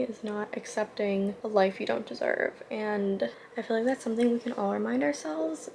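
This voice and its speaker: Chatty young woman with a gravelly edge. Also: mid-range voice, a little mellow, slight background noise. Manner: chatty, rambling with many "like" fillers. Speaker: vlogger. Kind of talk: casual vlog chat.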